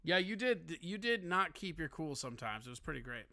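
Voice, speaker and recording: A man's voice: fairly high pitch, sing-song, brisk, pushed and bright, no room sound. A man hosting a casual call-in show, teasing and joking with his guest. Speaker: host.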